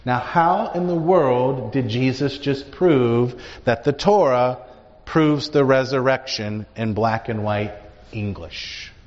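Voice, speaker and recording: A man's voice: mid-range voice, slow, darkish tone. A man teaching a Bible class, explaining emphatically and asking rhetorical questions. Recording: dull recording with hall reverb.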